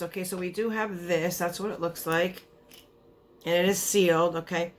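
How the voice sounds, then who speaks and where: A woman's voice: medium pitch, moderate pace. Tired chatty woman unboxing beauty products. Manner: chatty, rambling, self-interrupting. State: tired, voice giving out. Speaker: beauty vlogger. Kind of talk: casual unboxing chat.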